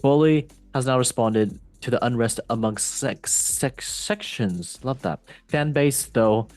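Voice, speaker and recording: A man's voice: medium pitch, a little slow, darkish tone, no room sound, faint music behind. A man hosting a casual football podcast, reading news items aloud and cutting in with joking asides. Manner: jokey, loose, asides while reading. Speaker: podcast host.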